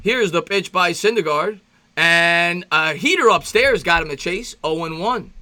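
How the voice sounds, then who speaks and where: A man calling a baseball game play by play as a fan host, chatty and rambling, breaking off between pitches to greet viewers and reminisce, his voice jumping up when excited. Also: a little slow. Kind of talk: amateur play-by-play commentary with reaction.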